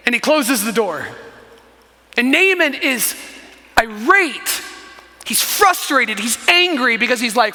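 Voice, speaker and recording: A man preaching a sermon as pastor, telling the story in an animated way with frequent asides to the congregation. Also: very high-pitched, slow pace, pauses often, long reverb tail. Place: church sanctuary.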